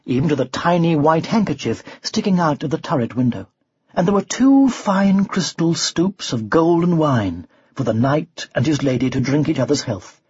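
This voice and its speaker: A man narrating a children's story as an audiobook, in an expressive, animated telling. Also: fairly high pitch, breathy edge, dry recording, lo-fi sound.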